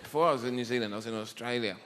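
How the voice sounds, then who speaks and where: A man's voice: medium pitch, very fast, fairly bright tone. An English man doing a stand-up routine on stage before a live audience, telling stories in a rambling, wry way. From England. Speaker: stand-up comedian. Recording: live show with audience noise.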